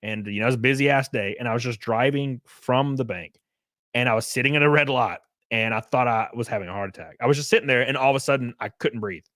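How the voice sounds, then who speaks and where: A man talking casually on a live stream, animated, swearing freely and breaking into quick laughs. His voice sits in a middle range and the mic is close and dry. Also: medium pitch, no echo. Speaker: streamer host.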